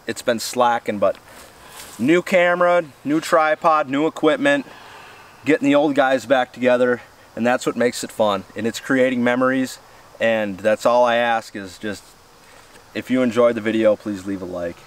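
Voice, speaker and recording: This outdoor show host, a man from the US Midwest, speaks at normal speed and medium pitch while cooking on camera near the woods, friendly, talkative and folksy. A distant mic picks him up along with faint noise.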